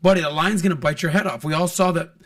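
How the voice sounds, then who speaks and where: A man's voice: on the high side, quick pace, distant mic. A man hosting a casual podcast chat, telling stories with acted-out quotes. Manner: animated storyteller, acts out quotes. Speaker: podcast host.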